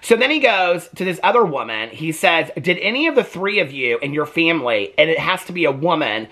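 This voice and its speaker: A man's voice: fairly high pitch, big pitch swings, a little fast, sharp tone. A man giving casual reaction commentary on his vlog, chatty, often asking "okay?" and acting out quotes in put-on voices. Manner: acts out quotes in changed voices. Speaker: reaction vlogger.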